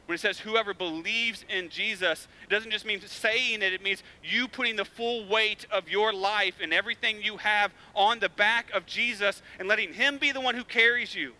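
Young male pastor, sermon, high voice, very bright tone, casual storytelling turning emphatic. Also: normal speed, few pauses, low-quality recording. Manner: casual storytelling with filler words, building to emphatic preaching.

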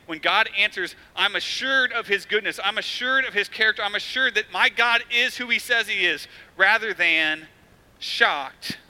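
A man in his thirties delivers a sermon as a pastor, slipping into quoted voices as he tells stories. His voice sits high and rings very bright. The manner is relaxed and conversational rather than formal. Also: rough recording. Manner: conversational storytelling preaching with acted quotes.

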